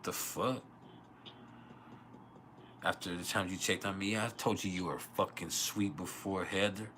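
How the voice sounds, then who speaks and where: A man's voice: sits low, steady tone, measured pace, fairly bright tone, slight background noise. A man hosting an astrology livestream, sleepy and rambling in casual chat, swearing often and laughing.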